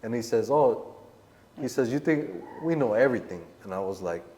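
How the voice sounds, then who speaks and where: A man's voice: mid-range voice, animated, moderate pace, mellow, breathy edge, long reverb tail. A man guest telling a long story in casual street slang, acting out the voices of the people he quotes. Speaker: podcast guest.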